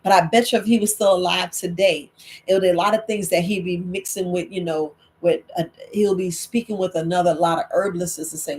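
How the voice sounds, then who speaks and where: A woman's voice: lowish voice, steady tone, brisk, darkish tone. Woman, herbalist host, emphatic, preachy, repetitive, late-night Q&A talk. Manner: emphatic, preachy, repeats points.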